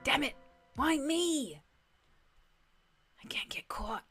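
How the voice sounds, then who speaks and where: A woman's voice: high voice, expressive, takes it slowly, fairly bright tone, soft background music, exaggerated voice. A woman voicing a panicked male killer who mutters his plans to frame someone else, in a video game. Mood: panicked scheming. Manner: muttering and scheming.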